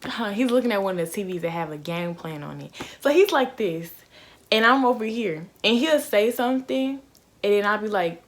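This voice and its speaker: A young woman telling a storytime vlog in a casual, animated way, swearing freely and acting out the other person's lines. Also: fairly low pitch, moderate pace, slight background noise. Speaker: vlogger.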